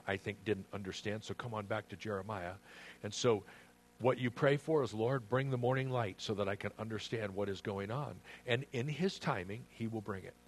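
A man preaching a sermon in an earnest, conversational way, asking the listeners questions and reading scripture aloud slowly. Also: fairly low pitch, a little hiss or hum. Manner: reads scripture aloud with slow emphasis. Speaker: pastor.

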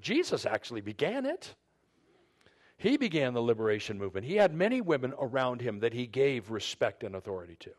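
A slightly mellow, mid-range male voice belongs to a pastor giving a conversational sermon. He keeps repeating words and restarting his sentences while addressing the men, then the women.

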